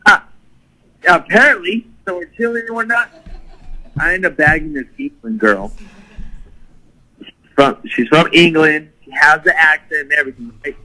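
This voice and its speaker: A man's voice: on the high side, moderate pace, pauses often, pushed and bright, rough recording. A man telling a crude, profane party story in casual talk, full of swearing and laughter. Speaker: guest storyteller.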